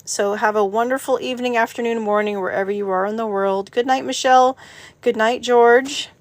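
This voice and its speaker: A woman's voice: on the high side, steady tone, fairly quick, no echo. A middle-aged woman hosting a casual livestream, chatting to viewers and cooing at her dog, laughing often. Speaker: livestream host.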